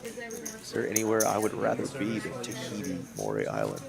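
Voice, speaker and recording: A man's voice: lowish voice, wildly swooping pitch, normal speed, creaky. A man commentating a live poker game, chatting casually and reading viewer comments aloud. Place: card room broadcast booth. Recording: crowd noise behind.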